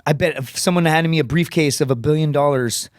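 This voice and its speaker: A man's voice: dry recording, clean studio sound. A man telling blunt, profane stories on a podcast, peppering them with "dude" and "right?" and acting out other people's voices. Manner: profane, rapid storytelling with frequent "dude" and "right?"; acts out quoted voices with raised pitch. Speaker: podcast guest, comedian. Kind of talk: casual podcast storytelling.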